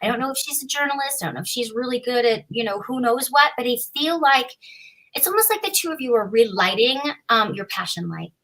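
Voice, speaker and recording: A woman's voice: on the high side, expressive, brisk, low-quality recording. A woman giving a live psychic reading, chatty and playful. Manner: chatty, playful, warm reassurance. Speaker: psychic reader.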